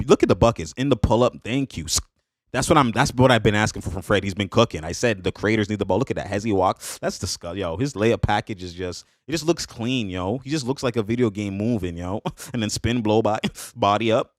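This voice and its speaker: A man reacting to basketball highlights in a hyped, slangy way, laughing often and repeating catchphrases. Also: fairly quick, no room sound, clean studio sound. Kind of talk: excited casual highlight reaction.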